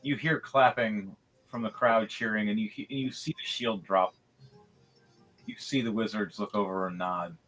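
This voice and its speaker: A man narrating as dungeon master of a tabletop game, animated, rambling and profane. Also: fairly low pitch, moderate pace, faint music behind.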